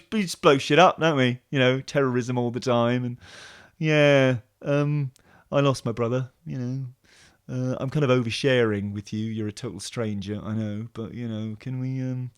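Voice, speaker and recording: A mopey young male alien with an English accent, halting and awkward, who overshares with strangers, as a man puts him on. His voice sits a little high and limp, with hesitant pauses. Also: smooth, natural voice.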